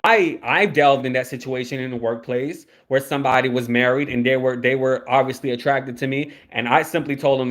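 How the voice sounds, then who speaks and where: A man's voice: mid-range voice, steady tone, brisk, hardly any pauses, a bit bright. A young man giving casual livestream commentary, rambling, repeating words and swearing freely. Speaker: YouTube commentator.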